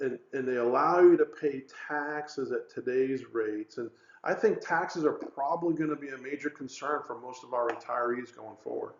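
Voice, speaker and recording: A man's voice: medium pitch, roomy sound, lo-fi sound. A man hosting a retirement webinar as a financial advisor, talking in a loose, conversational way and telling stories with lots of fillers. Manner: conversational, animated storytelling with many fillers. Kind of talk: webinar presentation.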